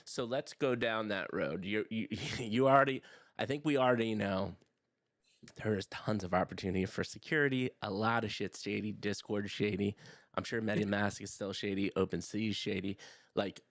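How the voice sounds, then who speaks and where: A man's voice: on the low side, normal speed, dry recording, studio quality. A man hosting a podcast, chatting casually in a loose, laid-back way with plenty of slang. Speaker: podcast host.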